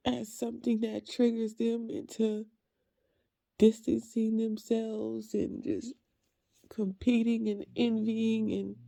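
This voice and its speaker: A woman, a faith ministry creator, speaking in a halting, heartfelt personal monologue with soft trailing phrases. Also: fairly high pitch, creaky, no echo, clean studio sound.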